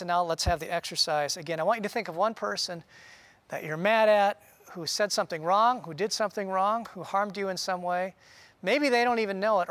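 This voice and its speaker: A man preaching a sermon in an earnest, conversational way, often pausing with "uh". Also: high-pitched, a bit bright, no room sound. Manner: earnest, conversational, with frequent "uh" pauses. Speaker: pastor.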